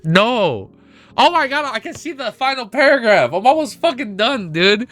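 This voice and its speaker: Excitable swearing man streamer, lively pitch. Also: normal speed, dry recording. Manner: excitable, emotional, swears constantly. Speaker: streamer reacting to a webnovel. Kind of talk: livestream reaction and reading aloud. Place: at home with his dog.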